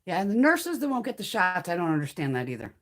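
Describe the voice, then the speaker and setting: A woman's voice: on the low side, very animated, fast. A middle-aged woman chatting on her livestream, ranting bluntly with lots of swearing and laughter as she reads comments. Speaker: beauty livestream host. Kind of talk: casual chat while reading live comments.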